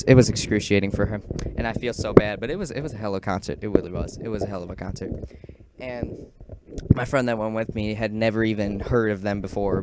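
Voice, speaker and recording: A teenage boy tells rambling stand-up stories in a low-pitched voice. He keeps jumping into squealing, shouted impressions of the people in his stories. Heavy background noise runs under the whole recording. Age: teens. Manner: rambling, excitable, acts out quotes with sudden loud squeals. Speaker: amateur stand-up comic. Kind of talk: casual stand-up storytelling.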